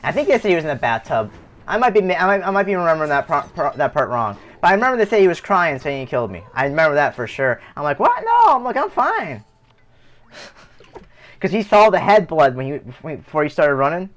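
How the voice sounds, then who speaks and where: A man's voice: a little high, big pitch swings, quick pace, fairly bright tone. A young man streaming live, telling a rambling personal story with heavy swearing and many restarts. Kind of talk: casual storytelling.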